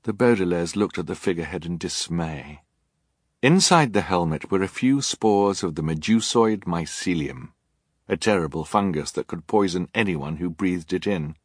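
A man narrating an audiobook in a dry, wry, deliberate manner. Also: deep voice, husky, dry recording.

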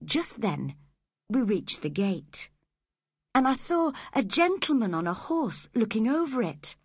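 A woman narrating a storybook in a measured, expressive way, close to the microphone. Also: a little high, slightly rough, no room sound.

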